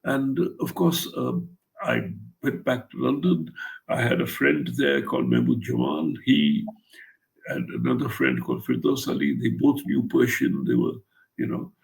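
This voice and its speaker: Older man with a gravelly, lively voice. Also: mid-range voice, normal speed, poor audio. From India. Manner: wry, blunt anecdotal storytelling with acted-out quotes. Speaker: author interviewed about his translations. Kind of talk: storytelling interview.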